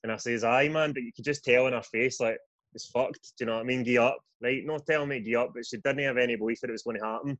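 A young Scottish man, a guest author, telling his story in a sweary, animated podcast chat. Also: mid-range voice, quick pace, no room sound, dull audio. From Scotland.

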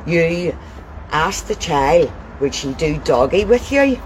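A woman's voice: sits low, big pitch swings, slow pace. Woman, confronting and accusing, recorded on a noisy street. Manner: accusing, interrogating. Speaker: confronting vigilante. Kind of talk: heated confrontation.

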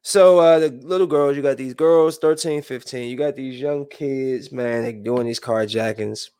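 Reading news headlines in a flatter voice, then venting about them in a loose, rambling way, a man talks casually from a room with a window. His medium-pitched voice is smooth and moderately paced. The audio is studio quality with no room sound.

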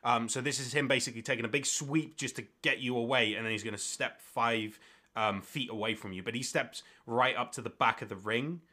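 A man's voice: medium pitch, steady tone, a little fast, bright, forceful tone. A man narrating as game master in a tabletop role-playing game, rambling with many fillers.

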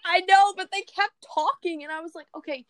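A young woman in casual chat, telling stories in an animated way and acting out quoted lines. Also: extremely high pitch, brisk, no echo. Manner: animated storytelling, acts out quotes.

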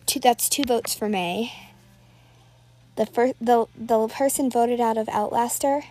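A woman's voice: on the high side, fairly even intonation, a little slow, mellow. A woman giving live, rambling commentary while playing an online game, nervously narrating every move aloud.

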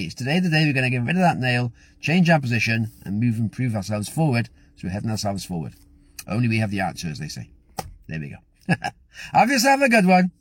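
A man's voice: mid-range voice, big pitch swings, brisk, dry recording. A man giving a chatty motivational monologue as a coach, telling a story and laughing now and then.

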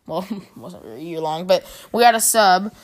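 A woman's voice: lowish voice, animated, brisk. A teenage girl telling school stories in casual chat, rambling and giggling. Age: teens. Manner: rambling, giggly, restarts a lot.

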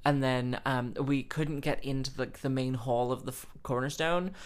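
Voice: mid-range voice, fairly even intonation, moderate pace, clean tone. A young adult host, from the Midlands, chatting casually in a rambling, self-mocking way full of fillers. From English Midlands. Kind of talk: casual chat.

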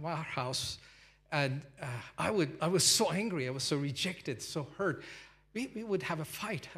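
A man's voice: medium pitch, fairly bright tone. A man preaching a sermon, praying fervently in repeated phrases and retelling a listener's testimony. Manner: fervent, repetitive, retells callers' stories in their voice. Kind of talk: sermon with prayer and retold testimony.

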